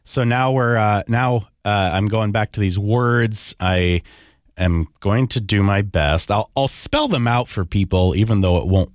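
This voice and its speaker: A man's voice: lowish voice, measured pace, dry recording, clean studio sound. A man co-hosting a podcast in casual chat, hesitantly sounding out words with laughs and restarts. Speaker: podcast co-host.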